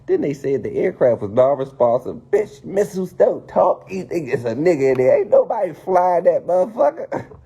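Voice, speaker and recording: Man, husky dark voice, wide pitch swings, profane conspiratorial rant, dull lo-fi audio. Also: very animated, moderate pace. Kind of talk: casual rant to viewers.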